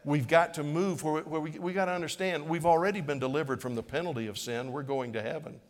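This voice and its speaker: Speaking quickly in a slightly high voice, this middle-aged male pastor delivers an earnest, pleading sermon in a church sanctuary. He keeps repeating phrases to drive his point home, and the sound carries a long hall reverb.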